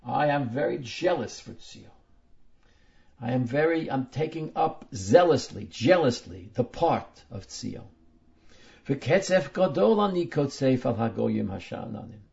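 Gravelly-voiced man lecturing emphatically. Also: mid-range voice, lively intonation, a little mellow, highs cut off. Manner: emphatic, slows down to stress words; reads passages aloud then explains them. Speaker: teacher. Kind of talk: text study lecture.

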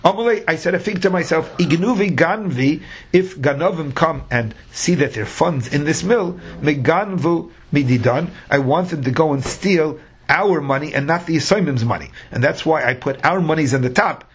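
A man's voice: fairly high pitch, animated, moderate pace, husky. A man teaching a Talmud class, reading the Aramaic phrase by phrase and explaining each in English.

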